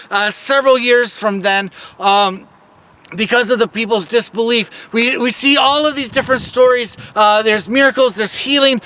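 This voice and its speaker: A man's voice: very high-pitched, bright, forceful tone, slight background noise. A man leading a chapel service, retelling a Bible story in a casual, conversational way. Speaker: chapel leader.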